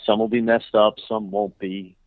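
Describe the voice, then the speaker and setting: A man's voice: on the low side, little pitch movement, normal speed, no room sound. A man on a recorded phone call with his mother, making his point argumentatively and talking over her. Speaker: adult son on a recorded call. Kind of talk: casual phone chat. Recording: tinny wiretapped phone line, dry.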